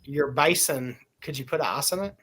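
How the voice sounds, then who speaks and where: A man's voice: on the high side, normal speed, a bit bright, husky. A man co-hosting a podcast, explaining practical details in casual chat. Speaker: podcast co-host.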